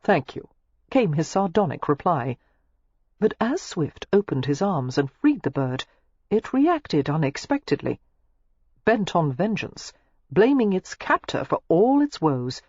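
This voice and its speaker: An audiobook narrator reading a novel aloud in an expressive, scripted style. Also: a little slow, husky, no echo. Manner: expressive, shifting pitch through the narration. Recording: dull lo-fi dry recording.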